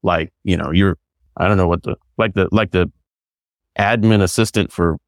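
Low gravelly man, enthusiastic. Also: moderate pace, no echo, clean studio sound. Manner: enthusiastic, rambling, many fillers like "you know". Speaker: business consultant and coach. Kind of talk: casual podcast conversation.

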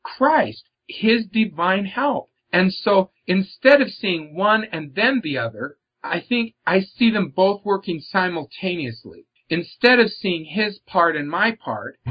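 A man's voice: sits high, husky. A man speaking earnestly about faith as an author and guest, stressing his words and often repeating them. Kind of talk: reflective religious discussion. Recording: slightly muffled, lo-fi audio.

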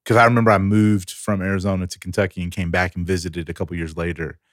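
A low-pitched man chatting on a podcast, spinning animated stories and slipping into the voices of the people he quotes. The sound is close and dry, with no room around it. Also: fast, no room sound. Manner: animated storyteller who acts out quoted people. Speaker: podcast co-host. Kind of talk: casual chat.

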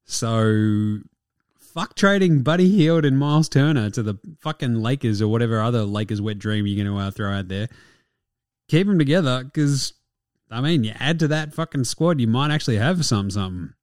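A man's voice: medium pitch, animated, moderate pace, a little mellow, no room sound, studio quality. A young Australian man hosting a sports podcast, talking in a blunt, sweary, jokey way. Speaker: podcast host. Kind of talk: casual sports podcast chat.

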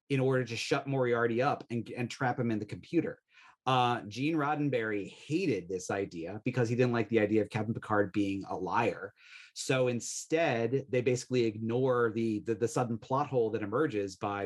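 Lively, animated man chatting on a podcast. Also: normal speed. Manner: animated, swoops high when voicing his own reactions. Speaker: podcast co-host. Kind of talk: casual podcast chat.

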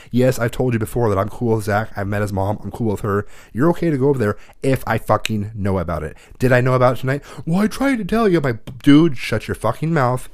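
A man's voice: on the low side, no room sound, clean studio sound. Swearing, heated man telling a story. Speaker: parent. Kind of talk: casual chat.

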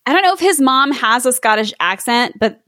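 A woman's voice: high-pitched, expressive, brisk, a bit bright, no echo, studio quality. A woman co-hosting a casual podcast chat, sharing trivia in a chatty way and laughing often. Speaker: podcast co-host. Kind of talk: casual chat about a film.

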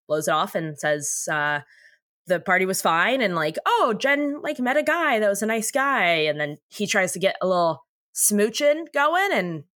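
Lively, bright-voiced woman podcaster. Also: mid-range voice, no echo, clean studio sound. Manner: chatty, profane, laughs often. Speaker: podcast co-host recapping episodes. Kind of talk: casual chat.

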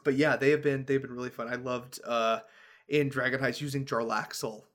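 This is an eager man hosting a laid-back podcast chat, with a bright, forward tone. He talks in an easygoing way and laughs often. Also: medium pitch, steady tone, a little fast. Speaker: podcast host and dungeon master.

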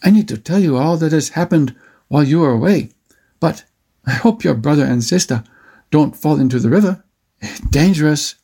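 A man's voice: fairly high pitch, lively intonation, normal speed, dark tone, husky, voice pushed up. A man voicing a friendly, earnest village boy with careful, formal phrasing in a storybook reading.

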